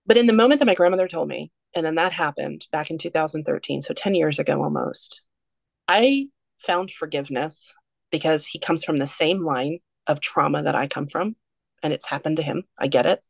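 A woman's voice: deep voice, fairly quick, vocal fry, no echo. A woman guest on a podcast, telling a personal story in a candid, earnest way. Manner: candid, earnest, steady through a heavy story.

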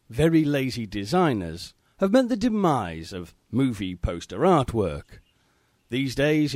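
A man delivers a prepared message in a measured, articulate way, his pitch sweeping widely from phrase to phrase. The recording is dry and close. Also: a little mellow, dry recording. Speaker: listener sending voice feedback.

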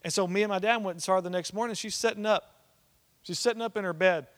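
A man, a pastor preaching and telling a family story, swinging between loud and hushed. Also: high-pitched, fast talker. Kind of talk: sermon with personal storytelling.

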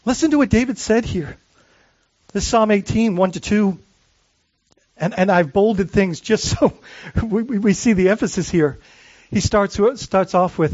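A man's voice: high-pitched, moderate pace, darkish tone, no room sound, lo-fi sound. A man preaching a sermon as pastor, earnest and searching, often restarting phrases and asking the congregation questions.

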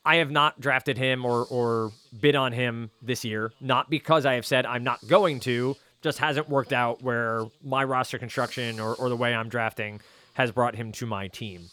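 A man's voice: medium pitch, fairly even intonation, normal speed, sharp tone. A man with a New Jersey accent hosting a podcast, asking questions in a friendly, casual way. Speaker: podcast host.

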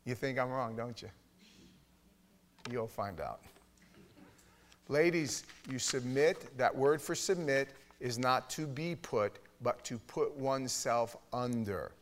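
A middle-aged man preaching a sermon in a Bible study, blunt and emphatic, with his voice swinging from loud to hushed. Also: medium pitch, lively intonation, takes it slowly, a little hiss or hum. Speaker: pastor teaching a Bible study.

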